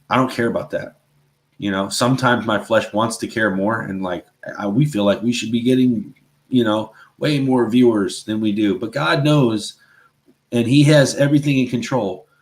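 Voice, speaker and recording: A man's voice: on the low side, moderate pace. A man co-hosting a casual faith talk show, speaking earnestly and rambling, with a constant "right?" and "you know". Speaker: podcast co-host.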